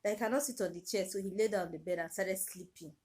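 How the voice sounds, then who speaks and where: A woman's voice: mid-range voice, fast talker, darkish tone. A young Nigerian woman with a Nigerian accent, retelling a personal story in a vlog with urgent, repetitive emphasis. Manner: emotional, urgent retelling with repeated phrases. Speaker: vlogger.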